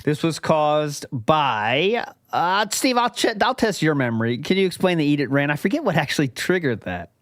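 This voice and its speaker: A man's voice: on the high side, sing-song, normal speed, hardly any pauses, a bit bright, no room sound, clean studio sound. A man hosting a stream, chatting casually and laughing as he ranks clips. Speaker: stream host. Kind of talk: casual chat ranking clips.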